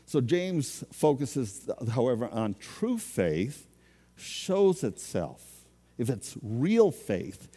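A male pastor delivers a sermon in a slow, mellow voice, his pitch rising and falling with lively expression. He talks conversationally and pokes fun at himself. His words ring out with the long reverb of a large hall. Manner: conversational, self-deprecating preaching.

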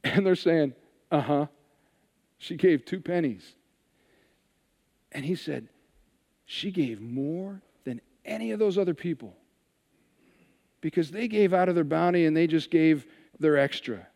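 A man's voice: fairly high pitch, unhurried, creaky, pauses often. Man preaching in a reverberant hall. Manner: storytelling, animated retelling with quiet asides. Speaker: pastor. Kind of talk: sermon.

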